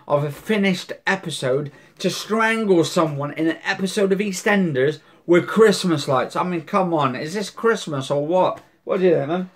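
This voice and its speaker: Rambling man, slightly high voice. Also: normal speed, hardly any pauses. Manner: rambling, repeats himself, swears casually. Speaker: vlogger recapping a soap episode. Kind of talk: casual spoken recap.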